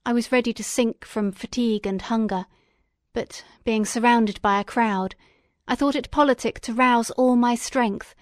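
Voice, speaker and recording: Measured, expressive female audiobook narrator. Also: on the high side, no room sound, clean studio sound. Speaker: audiobook reader. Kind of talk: audiobook narration of a classic novel.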